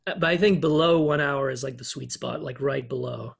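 A man's voice: medium pitch, fairly quick, gravelly, slightly rough. A man co-hosting a podcast in casual chat, rambling with frequent hesitations and laughter. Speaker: podcast co-host.

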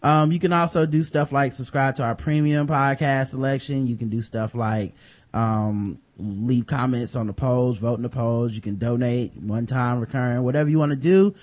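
A man's voice: medium pitch, fairly even intonation, moderate pace, darkish tone. A man hosting a podcast in casual chat, reading sponsor spots in a loose, jokey, profane way with lots of fillers. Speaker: podcast host.

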